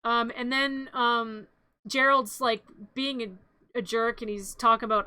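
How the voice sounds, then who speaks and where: A streamer, heard as a woman, recapping a movie in a rambling, playful way with quick jokey asides. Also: fairly high pitch, fairly even intonation, bright, forceful tone, clear, resonant tone, no room sound. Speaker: vtuber streamer. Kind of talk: comedic movie recap with silly voices.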